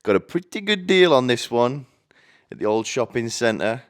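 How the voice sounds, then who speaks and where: A man delivering a rambling comedic monologue in a deadpan way, often stumbling and restarting his sentences. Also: mid-range voice, normal speed, a little hiss or hum. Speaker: comedy vlogger.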